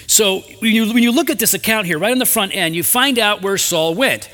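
A male pastor reads scripture and then unpacks it in a lively, conversational sermon. His voice is high and bright. The long reverb of a big hall hangs behind every line. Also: brisk, hardly any pauses. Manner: animated, conversational preaching with asides.

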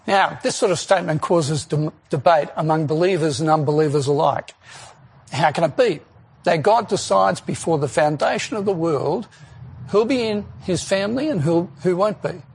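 A man delivering a sermon in a slightly high, gravelly voice with a husky edge. He speaks earnestly and leans on key words with deliberate pauses. He often poses rhetorical questions to the congregation. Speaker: preacher.

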